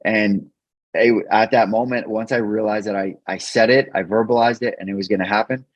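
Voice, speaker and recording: Low-voiced man telling his recovery story. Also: steady tone, no room sound. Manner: earnest, halting, repeats words when emotional. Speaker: podcast guest. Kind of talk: candid personal storytelling. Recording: dull, dry podcast mic.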